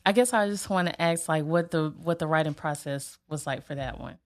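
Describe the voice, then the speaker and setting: Easygoing woman host, lowish voice. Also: fairly quick. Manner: easygoing, affirming with short backchannels. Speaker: podcast host. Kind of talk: casual interview chat.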